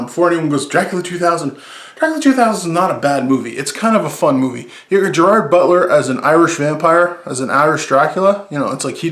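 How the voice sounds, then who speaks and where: A man's voice: on the high side, fairly bright tone. Upbeat man, echoey room. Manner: rambling, upbeat, corrects himself mid-sentence. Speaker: movie podcast host. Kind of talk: casual solo chat.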